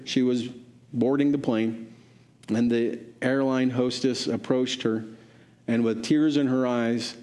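A man preaching, telling a story in a sermon and acting out the voices of the people in it. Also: dark tone. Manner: acts out quoted voices, pitch rising for characters.

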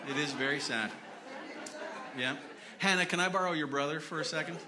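A man's voice: fairly high pitch, fairly quick, echoey room, crowd noise. A man preaching a casual sermon in church, chatty and self-deprecating, with many fillers and restarts.

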